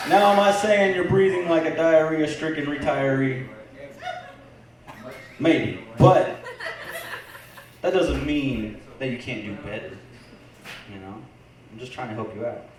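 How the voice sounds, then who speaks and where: A man doing loose, teasing stand-up in a bar, working the crowd. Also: on the high side. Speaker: stand-up comedian. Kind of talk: stand-up comedy set. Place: comedy bar lounge. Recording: echoey room, distant voice, crowd. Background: audience laughter.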